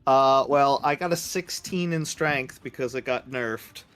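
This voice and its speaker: A man playing a tabletop game, talking slowly and hesitantly as he plans his move. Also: medium pitch, fairly bright tone, clean tone, faint music behind. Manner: slow, hesitant, unsure. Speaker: player.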